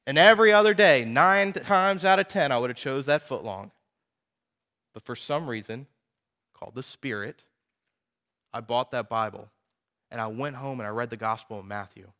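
A man in his thirties preaching a sermon, telling personal stories in a lively, conversational way with frequent asides to the audience. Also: mid-range voice, moderate pace, long pauses. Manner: animated storytelling, conversational asides.

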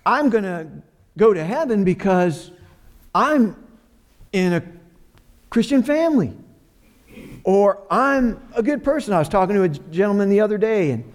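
A man's voice: high-pitched, expressive, normal speed, long pauses. A man preaching a sermon in a church, earnest and repeating phrases for emphasis. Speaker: pastor.

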